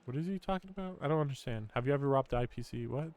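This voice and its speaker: A man's voice: mid-range voice, lively intonation, racing, darkish tone, clean tone. A man streaming a story game and reacting to it in casual, rambling, critical talk, laughing often. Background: faint game music.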